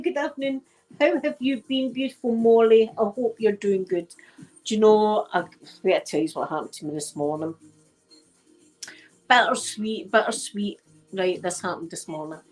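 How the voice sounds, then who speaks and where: A woman's voice: mid-range voice, a little mellow, rough recording. A Scottish woman chatting casually to her livestream viewers from home on her phone, rambling and repeating herself. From Scotland. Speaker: livestream host. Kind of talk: casual chat.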